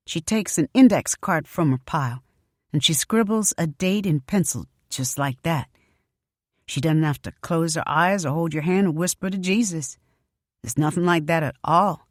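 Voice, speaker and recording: A woman narrating a story audiobook in an expressive first-person telling. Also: on the low side, no echo, studio quality.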